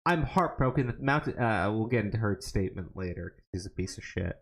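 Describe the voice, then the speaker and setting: A man's voice: on the low side, lively intonation, fast. A man co-hosting a casual livestream, reading tips and an article aloud with angry, profane asides and many stammered restarts. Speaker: podcast co-host.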